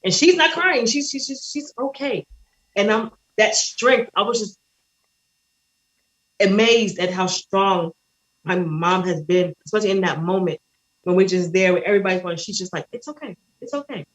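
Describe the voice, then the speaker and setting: A woman caller sharing a painful personal story, halting and shaky, with many restarts. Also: medium pitch, low-quality recording.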